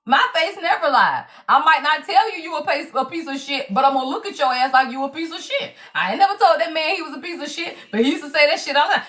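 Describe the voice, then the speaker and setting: A woman's voice: high voice, animated, fast talker, few pauses, sharp tone. A woman giving a casual live tarot reading, blunt and profane, laughing often and calling her viewers y'all. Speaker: tarot reader.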